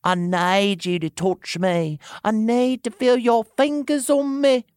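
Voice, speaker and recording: A man voicing a breathless, eager young male lover in a comedic dramatic reading, breathy and pleading. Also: high voice, steady tone, slow, darkish tone, dry recording, clean studio sound, voice pushed up. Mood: begging, swooning.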